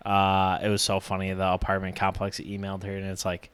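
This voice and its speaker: A man's voice: low-pitched, monotone, brisk, fairly bright tone, clean tone. A young man co-hosting a podcast, chatting in a laid-back way with frequent hesitations. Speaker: podcast co-host. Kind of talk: casual chat.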